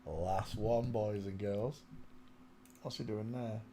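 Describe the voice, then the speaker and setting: Slow and mellow, with a lowish voice and fairly even intonation, a channel host streams live from home on a small desk microphone amid slight background noise. He mutters away, addresses his audience, and now and then sings a line.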